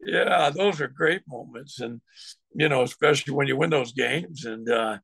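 A man's voice: mid-range voice, normal speed, vocal fry, a bit bright, husky, no echo. An older man who used to coach football, talking casually in an interview, rambling with lots of restarts and getting fired up as he tells stories. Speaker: former football coach, guest.

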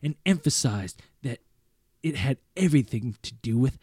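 A man reads a first-person story aloud, measured and earnest. His voice sits at an ordinary middle pitch and comes across dry and close, with no room sound. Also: animated, dark tone, husky, no room sound.

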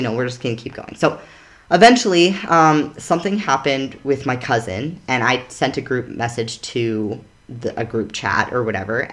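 A woman's voice: very deep voice, a bit bright. A young adult woman, a podcast guest, telling a personal story in a frank, emphatic way that is full of "like". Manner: emphatic, frank, swears, peppers talk with "like".

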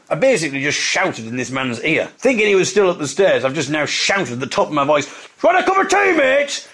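A man's voice: medium pitch, pushed and bright, slightly rough. A man hosting a comic podcast, telling a rambling, self-mocking story. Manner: self-deprecating, rambling storytelling with put-on voices. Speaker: podcast host. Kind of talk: comic monologue.

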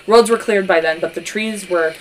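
A woman in her thirties co-hosting a casual chat podcast. She tells stories in an animated, chatty way, laughs often and swears freely. Her voice sits at an ordinary middle pitch. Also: moderate pace. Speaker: podcast co-host.

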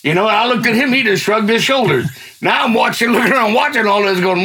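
A middle-aged man telling a personal faith testimony in colloquial, excitable storytelling that swells into fervent near-shouting. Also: sits high, quick pace, slight background noise. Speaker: guest giving a testimony.

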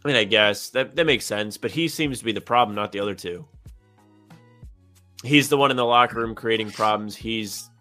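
Low, bright-voiced man making quick remarks. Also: faint music behind. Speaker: co-host of a sports talk stream. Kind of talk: casual sports chat.

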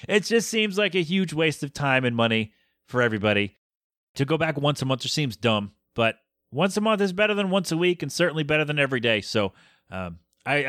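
A man's voice: medium pitch, fairly bright tone, no echo, studio quality. A man hosting a podcast, chatting casually and ranting in an exasperated, rambling way. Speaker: podcast host. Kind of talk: casual solo podcast chat.

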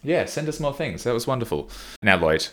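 A man's voice: medium pitch, sing-song, brisk. A young man co-hosting a podcast, chatting playfully and laughing often. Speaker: podcast co-host. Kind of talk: casual chat.

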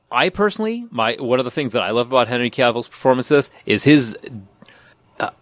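A man hosting a casual podcast chat, teasing his co-hosts and pausing with fillers. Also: medium pitch, lively intonation, a bit bright, no room sound.

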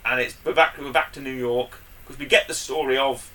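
A man co-hosting a podcast, chatting enthusiastically and rambling, with loud bursts when he gets excited. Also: mid-range voice, brisk, recorded from a distance. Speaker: podcast co-host. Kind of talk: casual chat.

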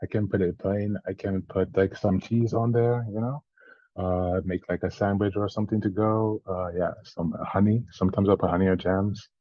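Low-voiced man, slight French-tinged accent. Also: moderate pace, no echo, muffled recording. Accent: slightly French-tinged mix. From Central Virginia, USA. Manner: laughs often, relaxed, swears casually. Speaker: podcast guest. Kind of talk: casual interview chat.

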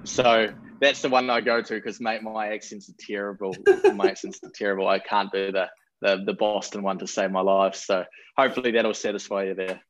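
A man with a lowish voice answers interview questions in a relaxed, self-deprecating way, thinking out loud as he goes. The recording is dull and lo-fi. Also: a little fast, slight background noise. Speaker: rugby performance director. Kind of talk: interview guest.

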